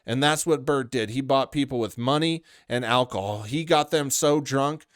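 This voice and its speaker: A man's voice: medium pitch, normal speed, no room sound, clean studio sound. A man hosting a commentary show, rambling through his opinions with lots of fillers. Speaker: commentary channel host. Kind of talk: commentary monologue.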